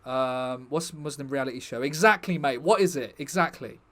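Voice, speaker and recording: A man's voice: medium pitch, moderate pace, a bit bright. A young man chatting casually to his stream viewers, rambling and joking with the chat.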